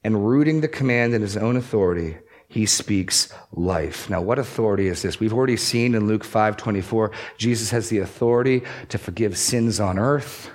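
A man's voice: on the low side, a little fast, few pauses, darkish tone. Emphatic male preacher. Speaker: pastor. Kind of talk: sermon.

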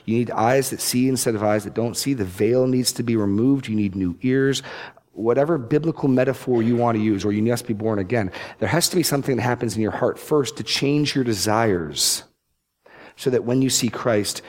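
A man giving expository Bible teaching, reading scripture slowly and stressing key words. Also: mid-range voice, a little mellow. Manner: deliberate, emphatic scripture reading.

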